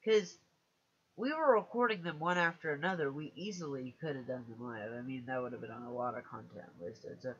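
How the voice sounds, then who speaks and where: A man's voice: mid-range voice, bright, forceful tone, slightly rough, muffled recording. A man chatting casually on a live stream, hesitant and self-mocking, often restarting his sentences.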